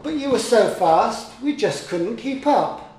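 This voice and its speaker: A man voicing a polite, eager little boy elephant in a storybook tale, speaking high and in a hurry. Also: animated, a little mellow. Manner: high, hurried and pleading. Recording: echoey room.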